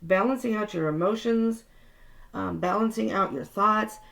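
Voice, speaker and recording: Female tarot reader, gravelly voice, relaxed chatty reassuring delivery, casual vlog. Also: medium pitch, normal speed. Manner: chatty, reassuring, with frequent restarts. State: tired.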